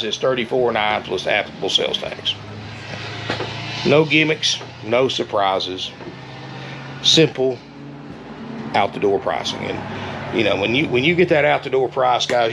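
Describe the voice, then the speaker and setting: A man giving a casual, folksy sales pitch for an RV, repeating himself and calling viewers "guys". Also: vocal fry, noisy background. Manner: folksy, repetitive, keeps saying "guys".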